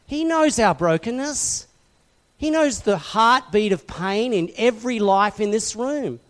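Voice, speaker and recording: High-pitched guy preaching, asks the crowd stuff, gets loud then goes soft. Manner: passionate, rising to loud emphasis then dropping soft; asks the congregation questions. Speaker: pastor. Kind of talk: sermon.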